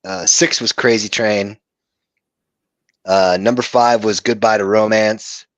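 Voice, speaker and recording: Low-voiced man, blunt and swearing. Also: fairly even intonation, slow, no room sound, lo-fi sound. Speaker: podcast co-host. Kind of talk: casual podcast chat.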